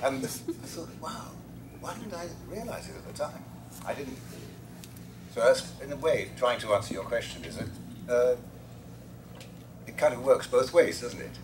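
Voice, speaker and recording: A man's voice: medium pitch, animated, moderate pace, pauses often, noisy background. An English man on a convention panel, telling anecdotes in a reflective, wry, self-deprecating way.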